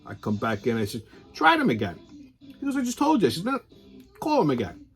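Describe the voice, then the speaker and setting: A man's voice: mid-range voice, wildly swooping pitch, brisk, a bit bright, faint music behind. A middle-aged man, hosting his show and telling a blunt, profane story in a casual monologue. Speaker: show host.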